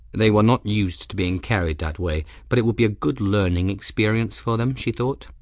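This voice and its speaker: A man narrating a fantasy novel with expressive storytelling delivery. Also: lowish voice, no room sound, studio quality. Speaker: audiobook narrator. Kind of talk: scripted narration.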